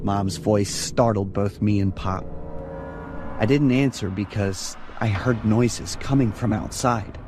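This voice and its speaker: A man giving a steady first-person narration of a scripted horror story. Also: on the low side, slow pace, over music.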